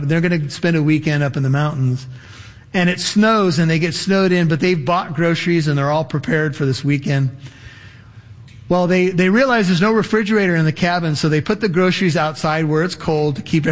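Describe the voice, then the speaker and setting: A male pastor preaching a sermon, telling stories with chuckles and asides to the congregation. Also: a little high. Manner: lively storytelling with chuckles and audience asides. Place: church sanctuary. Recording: echoey church hall.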